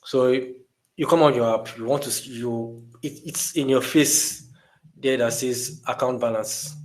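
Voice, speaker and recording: A man with a medium-pitched voice teaches a beginner design class live over a call. He talks in a relaxed, unscripted way, full of fillers and restarts, and keeps checking with his listeners. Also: a little slow, low-quality recording. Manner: relaxed, many fillers and restarts, asks the audience questions. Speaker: design instructor. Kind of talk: live online lesson.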